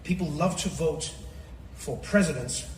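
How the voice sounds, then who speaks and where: A man doing a stand-up comedy set, animated and slipping into mocking voice impressions. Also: fairly high pitch, measured pace, a little hiss or hum. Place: comedy stage before a live audience. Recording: roomy live recording with crowd laughter, from a distance.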